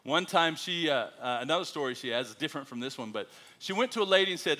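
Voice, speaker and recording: A man's voice: a little high, fast, hardly any pauses. A man, a missionary pastor telling folksy, humorous stories in a sermon at church. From United States. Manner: animated, folksy storytelling with self-deprecating humor.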